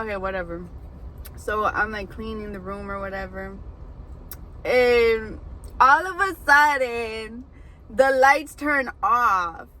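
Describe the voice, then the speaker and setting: Chatty woman with a bright voice. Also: on the high side, poor audio. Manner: animated, chatty, many fillers. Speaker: hairbraider and food vlogger. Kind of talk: casual storytelling while eating.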